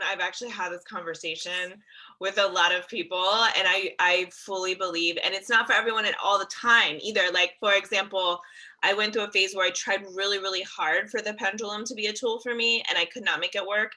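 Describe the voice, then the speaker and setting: A woman's voice: medium pitch, fairly quick, bright, forceful tone, poor audio. A young adult woman hosting a live interview, chatting casually with frequent laughter. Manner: chatty, laughs often, upbeat. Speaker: host.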